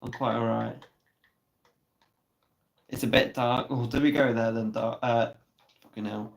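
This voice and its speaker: Guy on a live stream, chatty, teasing, swears a lot, mid-pitched voice. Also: steady tone, unhurried, creaky, poor audio. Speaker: livestream host. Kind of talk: casual live chat reading comments.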